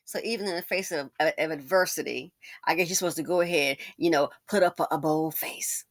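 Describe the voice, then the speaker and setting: A woman hosting her own channel, giving casual, animated commentary with sassy asides. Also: low voice, fairly quick. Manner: animated, sassy, mimics people in quotes.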